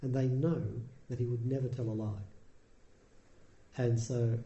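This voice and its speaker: A man giving a Buddhist dharma talk, telling the story in a relaxed, conversational way with dry humour. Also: mid-range voice, a little slow, dull audio. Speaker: dharma teacher. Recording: roomy echo.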